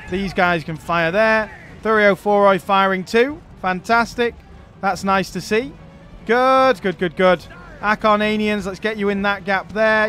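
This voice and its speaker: A man's voice: high voice, fairly bright tone. A man giving let's play commentary on a strategy game, barking orders at his units and swearing when frustrated. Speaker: gaming channel host.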